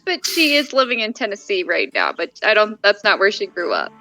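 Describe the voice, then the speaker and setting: A woman playing a tabletop game, chatting in a giggly, animated way. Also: medium pitch, brisk, soft background music, poor audio. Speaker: player. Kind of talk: casual chat during a tabletop game.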